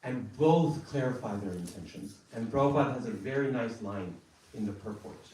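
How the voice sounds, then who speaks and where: A man telling a scripture story in a sermon in a temple hall, speaking in a measured, deliberate way. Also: medium pitch, animated, warm tone, far from the mic. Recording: echoey temple hall from afar.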